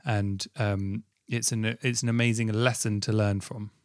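A man's voice: lowish voice, level tone, unhurried, no room sound, studio quality. A man hosting a podcast interview, talking in an effusive, rambling way with many restarts. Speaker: podcast host. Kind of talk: casual interview and outro.

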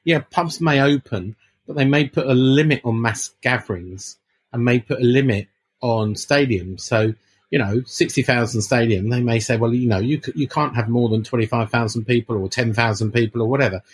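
A man's voice: mid-range voice, moderate pace, husky. A man co-hosting a casual football podcast, stammering and restarting as he explains a point. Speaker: podcast co-host. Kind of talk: casual chat.

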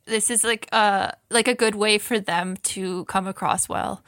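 A young Canadian woman co-hosting a casual chat, hesitant and full of fillers, quick to laugh. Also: medium pitch, steady tone, fairly bright tone, no echo, clean studio sound. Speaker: podcast co-host.

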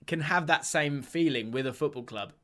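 Bloke co-hosting a footy podcast, bit high voice, laughs through his stories, loose banter. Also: normal speed. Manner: animated banter, laughing storytelling. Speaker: podcast co-host. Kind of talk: casual chat.

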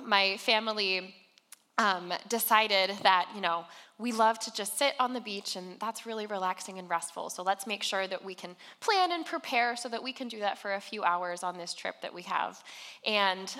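A woman's voice: medium pitch, pushed and bright. A young adult woman giving a conversational sermon, chatty and storytelling, with fillers like "um" and "like", recorded in a church hall. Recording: long reverb of a large hall.

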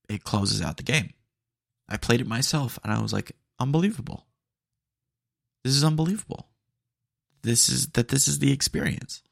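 A young man on his podcast chats through retail stories, slangy and stuffed with fillers. His voice sits on the low side, creaky and fairly bright. The studio-quality audio carries no room sound.

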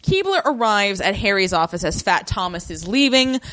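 A woman's voice: mid-range voice, moderate pace. A woman co-hosting a podcast, recapping a TV episode in casual chat with wry jokes. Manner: wry, joking, lively asides.

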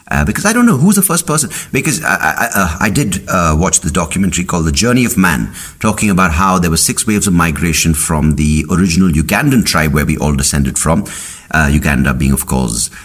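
Male podcast host, low voice, lively delivery, rambling comic monologue with puns. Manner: rambling, punning, jumps into silly voices. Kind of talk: comedic monologue.

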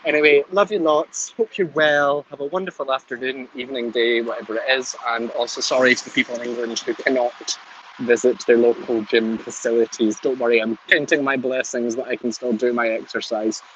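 A man's voice: mid-range voice, steady tone, brisk, fairly bright tone, highs cut off, slight background noise. A man with a Scottish accent leaving a chatty, cheerfully ranting voice message for a podcast. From Scotland. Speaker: caller.

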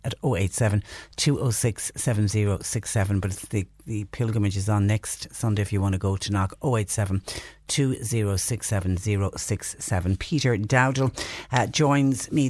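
Irish man, radio phone-in host, casual and chatty, reads out texts, mid pitch, dry studio mic. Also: a little mellow, no echo. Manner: reads listener texts aloud, chatty and digressive. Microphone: studio microphone.

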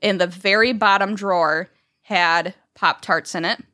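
A woman co-hosting a podcast, telling childhood family stories in a lively, casual way, swearing freely and acting out what others said. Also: mid-range voice, measured pace, dry recording, clean studio sound. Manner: animated, swears freely, acts out quotes. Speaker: podcast co-host. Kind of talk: casual storytelling chat.

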